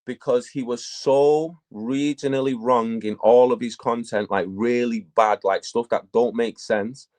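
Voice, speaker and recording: Man, battle rapper, casual interview, profane, animated, middle pitch. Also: a little slow, hardly any pauses.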